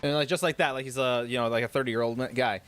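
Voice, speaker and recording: A man co-hosting a live stream, telling everyday stories in a playful, animated way. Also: medium pitch, fast talker, clean tone, no echo, faint music behind. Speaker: stream co-host. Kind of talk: casual live-stream chat.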